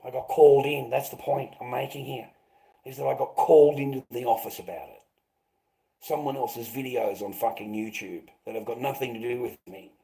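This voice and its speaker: A man's voice: mid-range voice, moderate pace, creaky, warm tone, low-quality recording. A middle-aged man ranting on a casual livestream, swearing a lot, his voice climbing when he gets worked up. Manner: agitated, swearing, voice rising when upset.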